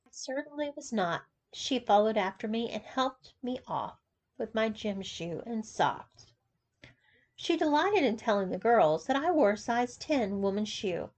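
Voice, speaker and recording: A woman's voice: fairly high pitch, expressive, unhurried, a little mellow. A woman reading an erotic story aloud as narrator, telling it expressively.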